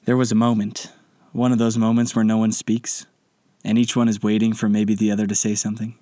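A man narrating a children's bedtime story in a gentle, unhurried way. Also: lowish voice, monotone, dry recording, clean studio sound.

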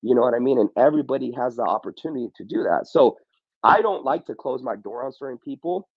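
A man's voice: mid-range voice, lively intonation, fast talker, gravelly, husky, no echo, highs cut off. A man speaking as a podcast guest in casual motivational talk, often saying "bro" and "you know what I mean".

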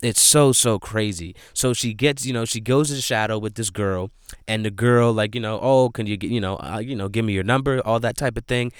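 A man's voice: on the low side, brisk, clear, resonant tone, no echo, clean studio sound. A man casually recapping a movie scene by scene, rambling with lots of "like" and "you know", and speaking earnestly and emphatically about how it made him feel. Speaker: movie reviewer.

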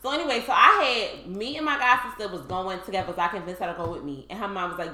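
A woman in her thirties with a Philadelphia accent, co-hosting a podcast and telling an animated story with frequent laughs. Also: medium pitch, fast talker, roomy sound. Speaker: podcast co-host. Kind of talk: casual chat.

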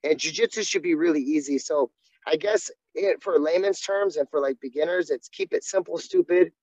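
A man's voice: on the high side, moderate pace, darkish tone, dry recording. A man, a jiu-jitsu coach, talking candidly and earnestly in a casual interview, often restarting his sentences. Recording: dull, dry sound.

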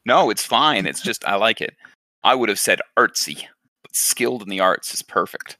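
Deep-voiced man with a bright, dry sound. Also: lively intonation, normal speed, no echo. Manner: reflective, encouraging, thinks aloud. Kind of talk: casual advice chat.

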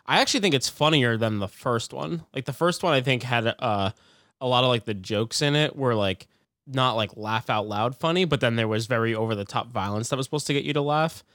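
A man's voice: mid-range voice, fairly quick, fairly bright tone, no echo, studio quality. Rambling, chuckling man co-hosting a podcast. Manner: rambling, filler-heavy, chuckling. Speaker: podcast co-host. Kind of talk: casual movie-review chat.

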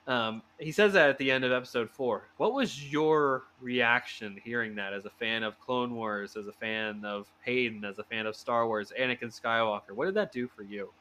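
Male podcast host, bright clear voice, animated and quick to laugh, casual chat. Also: medium pitch, a little hiss or hum. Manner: animated, laughs often, restarts and fillers.

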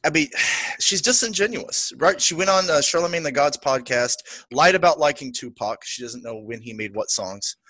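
Opinionated, bright-voiced podcast man. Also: fairly high pitch, moderate pace, no room sound. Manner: opinionated, animated, quotes people in put-on voices. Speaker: podcast co-host. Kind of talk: casual political chat.

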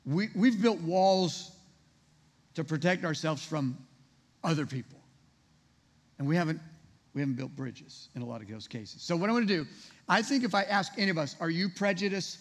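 Male pastor, high voice, chatty sermon full of questions, reverberant hall. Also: animated, a little fast. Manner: conversational, rhetorical questions to congregation. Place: church sanctuary.

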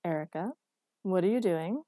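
A woman voicing a dry, patient, exasperated boyfriend with a deadpan delivery. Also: fairly low pitch, moderate pace, no echo, close to an everyday voice.

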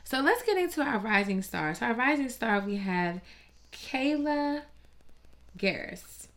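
Woman, vlogger, comedic rant, gravelly, dramatic, sassy, profane. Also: fairly high pitch, sing-song, unhurried, a bit bright.

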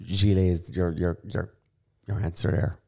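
A man with a very deep, low voice, chatting casually as a podcast co-host. He tells stories with lots of banter and acts out the other people in them. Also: level tone, normal speed, gravelly, darkish tone, husky. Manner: banter-heavy storyteller, acts out quotes. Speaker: podcast co-host and pub quiz host. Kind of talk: casual chat.

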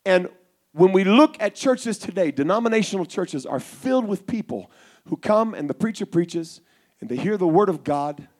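A man preaching a Pentecostal sermon to young people, telling a story and building to shouted fervor. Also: on the high side.

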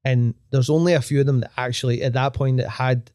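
A man's voice: mid-range voice, fairly even intonation, fast, darkish tone, no room sound, clean studio sound. A middle-aged man with a Glaswegian accent, telling stories in a rambling way, full of restarts and swearing. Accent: Glaswegian Scottish. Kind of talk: casual podcast chat.

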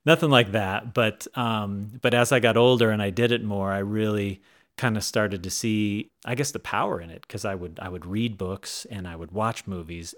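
A man being interviewed as an author, telling stories casually in a rambling, animated way with frequent restarts. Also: lowish voice. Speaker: author guest.

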